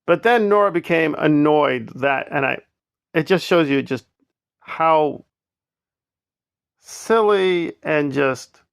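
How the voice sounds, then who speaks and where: Gravelly, sarcastic male commentator. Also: fairly high pitch, no room sound, clean studio sound. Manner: sarcastic, emphatic, repeats points. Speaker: commentary vlogger. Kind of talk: opinionated commentary on online drama.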